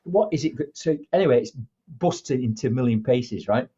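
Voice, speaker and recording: Middle-aged man, motivational speaker type, animated raconteur with a husky tone, muffled recording. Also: medium pitch, moderate pace. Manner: animated, acts out dialogue in different voices. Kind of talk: conversational storytelling.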